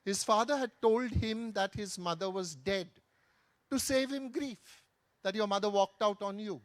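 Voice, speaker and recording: A man telling an anecdote on a festival stage, with lively asides in Hindi. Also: sits high, a little slow, no echo. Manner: animated anecdotal storytelling, mixing in Hindi phrases. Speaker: author on a festival panel. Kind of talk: storytelling talk on stage.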